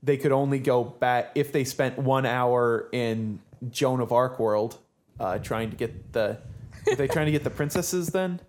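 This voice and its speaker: A man's voice: medium pitch, a little slow, a little mellow. Rambling, laughing male podcast host. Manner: rambling, lots of uh and restarts, laughs often. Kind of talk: casual chat.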